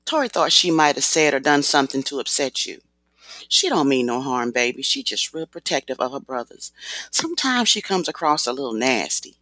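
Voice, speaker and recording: Audiobook role: narrator doing a soothing, motherly woman, gentle and bright with lively pitch. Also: fairly quick, no echo. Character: soft-spoken mother, Southern dialect. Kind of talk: audiobook character voice.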